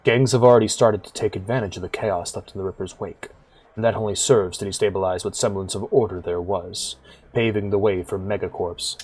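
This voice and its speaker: A man voicing a big, weary bar owner who talks low, quietly and somberly. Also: fairly even intonation, brisk, husky. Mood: grave.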